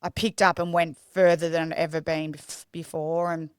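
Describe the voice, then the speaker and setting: Woman, low voice, dry close sound, confessional podcast guest. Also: little pitch movement, moderate pace, smooth, no echo. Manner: raw, confessional, with many restarts. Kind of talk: candid personal storytelling.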